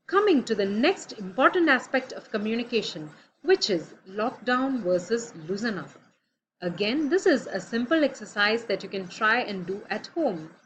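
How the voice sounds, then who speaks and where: A woman lecturing in dentistry, speaking with clear, deliberate teaching delivery. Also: a little high, highs cut off, slight background noise. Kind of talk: recorded lecture presentation.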